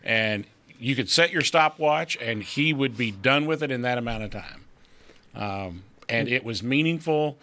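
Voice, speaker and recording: A man's voice: mid-range voice, lively intonation, unhurried, bright, forceful tone. A man co-hosting a podcast, telling stories in casual chat. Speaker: podcast co-host.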